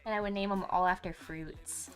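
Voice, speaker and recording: A young woman streaming a video game, gushing and excitable, swearing freely as she talks. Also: mid-range voice, normal speed. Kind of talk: gaming livestream commentary. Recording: faint game music behind.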